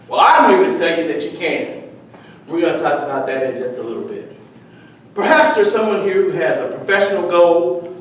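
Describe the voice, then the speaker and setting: Man, motivational speaker, high voice, storytelling with character voices; far-off mic in a very echoey hall. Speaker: speech contest speaker. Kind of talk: prepared motivational speech.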